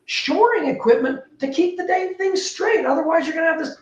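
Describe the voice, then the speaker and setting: A high-voiced woman speaks as an interview guest, animated and emphatic, her pitch leaping up and down as she makes her points. Her voice sounds roomy and set back from the mic. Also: fairly quick, recorded from a distance, dull audio. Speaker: guest, building technology entrepreneur. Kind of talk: casual interview talk.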